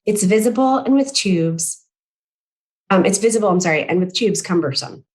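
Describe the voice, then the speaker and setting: A woman nearing forty reading a prepared conference talk in a measured, careful way, now and then clearing her throat and correcting herself. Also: medium pitch, lively intonation, a little mellow, rough recording. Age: late 30s. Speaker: patient speaker at a medical conference.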